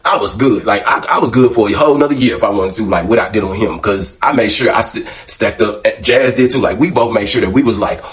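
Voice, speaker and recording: A man's voice: on the low side, fast, hardly any pauses. A man hosting a casual storytime vlog, candid and profane, acting out the lines of the people in his story. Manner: profane, candid storytelling that acts out quoted dialogue. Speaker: vlog host.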